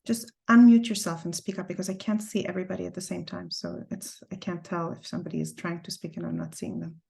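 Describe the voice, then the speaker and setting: A woman teaching an online class over a video call, telling a personal story earnestly and with deep feeling. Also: little pitch movement, quick pace, vocal fry, a little mellow. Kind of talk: heartfelt personal talk to a class.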